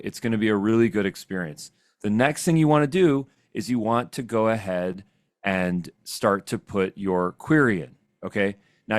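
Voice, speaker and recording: A man giving a casual, upbeat screen-share software tutorial, chatty and often checking in with "okay?". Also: on the low side, no room sound. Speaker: software trainer. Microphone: desk microphone.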